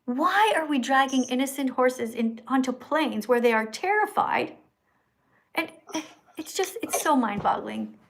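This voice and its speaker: A high-voiced woman hosts a live stream, talking straight to her viewers. She lectures, scolds and mocks in a preachy, heated rant. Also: lively intonation, unhurried, vocal fry. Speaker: livestream host. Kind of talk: ranting livestream chat.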